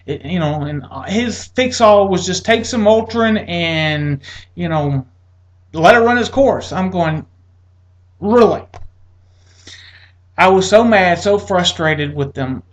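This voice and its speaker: A man's voice: expressive, unhurried. Exasperated man telling a personal story. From Atlanta area, United States. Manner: exasperated, acts out quotes with rising pitch. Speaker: military veteran telling his story.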